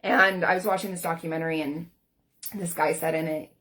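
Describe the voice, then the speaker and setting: A woman's voice: deep voice, steady tone, brisk, a bit bright. A woman in her forties, a life coach, talking candidly to camera in a casual, earnest way with plenty of everyday fillers. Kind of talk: personal talk to camera.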